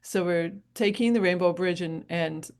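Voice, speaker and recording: A middle-aged woman from New Hampshire talks to camera as a coach in a loose, rambling way. Her voice sits a little low for a woman. She laughs easily and drifts between advice and stories. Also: moderate pace, darkish tone. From New Hampshire, USA. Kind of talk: casual motivational talk to camera.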